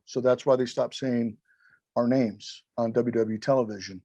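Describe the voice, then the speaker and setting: A man's voice: mid-range voice, fairly even intonation, moderate pace, mellow, dry recording, dull audio. A man as a podcast guest, telling candid stories emphatically, with heavy swearing and acted-out quotes. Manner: profane, emphatic, acts out quotes. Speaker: former wrestling referee, podcast guest. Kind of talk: candid interview storytelling.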